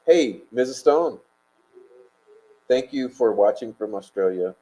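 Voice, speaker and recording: Mellow-voiced man hosting a rambling livestream. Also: medium pitch, expressive, a little slow, long pauses, poor audio. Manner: rambling, profane and emphatic. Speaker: livestream host. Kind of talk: casual livestream chat, reading viewer comments.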